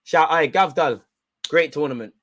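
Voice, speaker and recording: A young man, loudly and gleefully ranting with street slang during a live football watch-along. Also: fairly high pitch, normal speed, no echo, studio quality.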